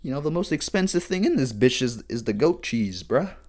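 A man in his twenties hosting a solo comedic podcast, rambling and swearing with heavy slang and animated outbursts. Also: medium pitch, fairly quick. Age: 20s. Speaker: podcast host.

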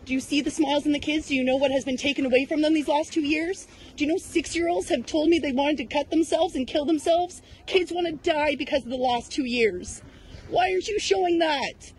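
A woman in her thirties confronting a news crew outdoors at a protest, accusing them with rapid rhetorical questions. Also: high-pitched, steady tone, darkish tone, a little hiss or hum, rough recording. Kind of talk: heated street confrontation.

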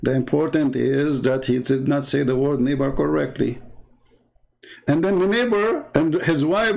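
A man's voice: fairly high pitch, unhurried, gravelly, darkish tone. A man from the Middle East with an Arabic accent and broken English grammar, ranting in a sarcastic, mocking monologue. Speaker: religious debate commentator.

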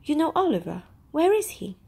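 A woman voicing a kindly, earnest old gentleman in a storybook reading, asking eager questions. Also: medium pitch, moderate pace, lightly acted. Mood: anxious.

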